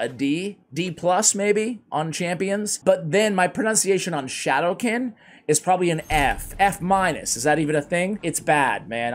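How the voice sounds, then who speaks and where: Male game-guide host, slightly high voice, loose and self-mocking, conversational commentary. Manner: chatty, self-deprecating, rambling asides.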